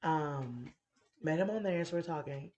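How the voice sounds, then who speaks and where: Low-voiced woman, frank and profane. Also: lively intonation, measured pace, dull audio, heavy background noise. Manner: frank, profane and playful, laughs often. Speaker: podcast host telling a story. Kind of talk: casual storytelling chat.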